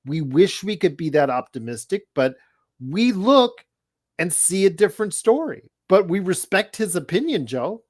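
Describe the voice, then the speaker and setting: A podcast co-host speaking calmly and in a conciliatory way during a casual chat. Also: medium pitch, moderate pace.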